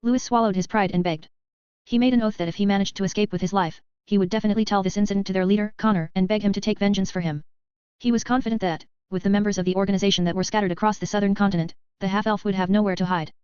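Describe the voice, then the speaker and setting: A woman reading a web novel as an audiobook in a quick, even narration with barely changed character voices. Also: medium pitch, clear, resonant tone, dry recording. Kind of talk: scripted narration. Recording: slightly dull, dry sound.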